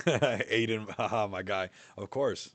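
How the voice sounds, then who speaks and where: A man's voice: fairly low pitch, slow, a bit bright, no room sound. A young man hosting a livestream, talking in a loose, rambling way, mocking and laughing often. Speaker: livestream host. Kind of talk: casual livestream chat.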